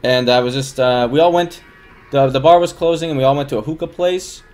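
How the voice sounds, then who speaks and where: A man's voice: mid-range voice, a little fast, darkish tone, faint music behind. A man livestreaming, telling a long story to his chat in a rambling, casual way with lots of fillers and laughs.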